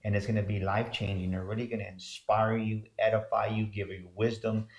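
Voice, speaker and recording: Fervent low-voiced male motivational speaker. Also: level tone, brisk, few pauses. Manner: fervent, repetitive, preacher-like build-ups. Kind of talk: motivational talk show chat. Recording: roomy echo.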